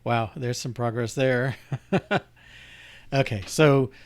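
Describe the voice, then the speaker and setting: A man demonstrates code in a relaxed live walkthrough, taking it slowly in a medium-pitched voice. He thinks out loud as he goes through the code on screen, often restarting and using fillers.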